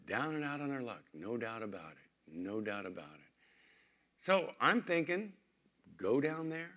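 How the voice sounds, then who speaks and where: Preaching in a church, a male pastor speaks in a creaky, medium-pitched voice. He talks conversationally, switching between emphatic points and soft, quiet anecdotes.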